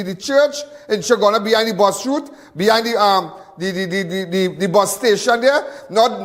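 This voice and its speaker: Angry man ranting, high voice. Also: long reverb tail. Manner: angry, repetitive, stumbling restarts. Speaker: crime show host. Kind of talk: impassioned live TV commentary.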